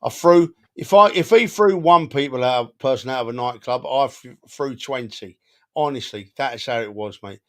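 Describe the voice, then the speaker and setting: Brief: male co-host, mid-pitch, emotional and animated, repeats himself in casual football banter. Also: normal speed. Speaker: podcast co-host.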